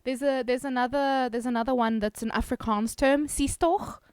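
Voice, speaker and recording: A woman's voice: on the high side, fairly even intonation, brisk, darkish tone, clear, resonant tone, no room sound. A South African woman streamer chatting casually with her viewers, giggly and self-teasing. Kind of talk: casual chat reading viewer messages.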